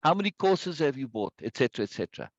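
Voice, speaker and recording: A man's voice: mid-range voice, sing-song, fast talker, no room sound, highs cut off. A man teaching a live online self-help course, stressing points by repeating words and reading viewers' chat aloud. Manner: greets viewers by name from chat.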